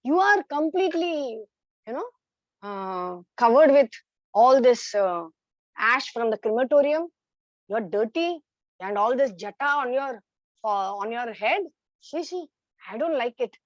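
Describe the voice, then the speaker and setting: A woman's voice: on the high side, expressive, measured pace, long pauses, dry recording, highs cut off. Woman doing a haughty, disdainful sage. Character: haughty sage repelled by dirt.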